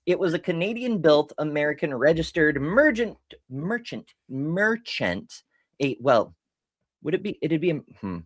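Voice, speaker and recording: A woman's voice: low voice, big pitch swings, a little slow, no room sound, clean studio sound. A woman hosting a casual live stream, telling a story in a rambling way, often breaking off mid-sentence and laughing.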